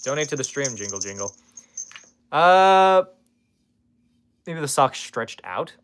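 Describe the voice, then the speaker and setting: A man's voice: medium pitch, lively intonation, fairly quick, a bit bright, slight background noise. A man streaming from his room in casual chat, sarcastically roasting viewers and swearing freely.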